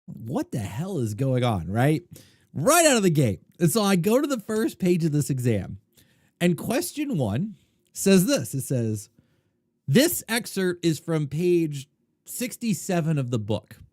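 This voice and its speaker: A middle-aged man hosting a podcast, telling stories in a casual, animated way, swinging between loud and quiet. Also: on the high side, a little slow, dry recording, studio quality. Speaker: podcast host, poker coach. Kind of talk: casual storytelling monologue.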